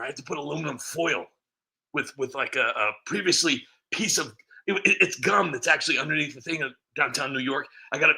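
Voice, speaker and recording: A man's voice: fairly high pitch, creaky, bright, forceful tone. A man on his own comedy channel, rambling through a self-mocking comic rant.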